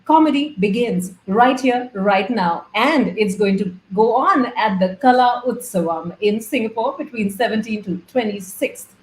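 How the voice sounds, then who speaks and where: A woman's voice: a little high, animated, a little slow, a little hiss or hum. Chatty woman host in an echoey room. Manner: chatty, effusive, playful. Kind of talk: talk show interview.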